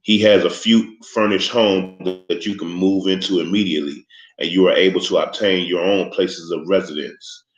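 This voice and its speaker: A man's voice: sits low, fairly even intonation, natural voice. A man voicing an older, formal crime boss who speaks with a thick accent in a storybook reading. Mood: courteous. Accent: thick foreign accent. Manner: formal, polite, unhurried speech. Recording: echoey, slightly muffled room recording.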